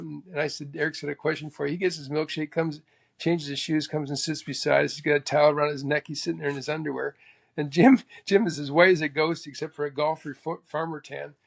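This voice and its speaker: Canadian guy, ex tour pro, raspy fry in his voice, spinning animated stories. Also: on the high side, quick pace. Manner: animated, acts out quotes with sudden exclamations. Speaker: guest, former tour golfer. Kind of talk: casual storytelling.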